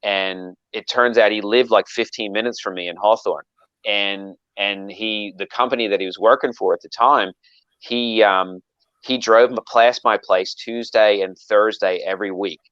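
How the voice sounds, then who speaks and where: Rambling low-voiced man, lo-fi. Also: moderate pace, clear, resonant tone, no echo. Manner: rambling with many restarts, animated quoting. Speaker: knifemaker guest. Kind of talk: casual storytelling chat.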